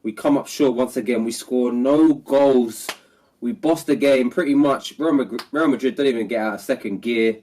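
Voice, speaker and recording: A man's voice: medium pitch, moderate pace, warm tone, slight background noise. A man who is ill and sounds nasal, delivering a frustrated post-match fan vlog rant as the channel's regular voice. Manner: frustrated, repetitive. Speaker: football fan vlogger.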